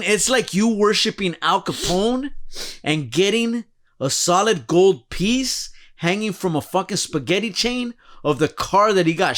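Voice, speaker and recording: A man's voice: sits high, a bit bright. A man hosting a casual podcast, rambling through a profane comic rant and laughing at his own jokes. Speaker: podcast host.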